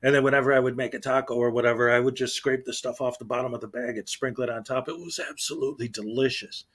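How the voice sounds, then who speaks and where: A man hosting a casual livestream, talking in a loose, rambling way. He is chatty and full of ums and restarts, and his voice sits at an ordinary middle pitch. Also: steady tone, fast, a bit bright. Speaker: livestream host.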